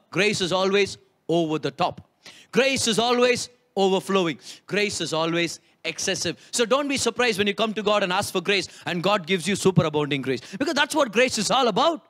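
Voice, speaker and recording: Pastor, high-pitched and emphatic sermon delivery. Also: male voice, sharp tone. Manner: emphatic, rhetorical questions, repeats key lines.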